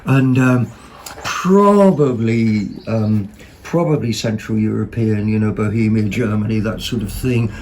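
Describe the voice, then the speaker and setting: Rambling, excitable man chatting. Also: lowish voice, a little slow, slight background noise. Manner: rambling and excitable, many ums and self-corrections. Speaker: vlog host. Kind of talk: casual chat showing second-hand finds.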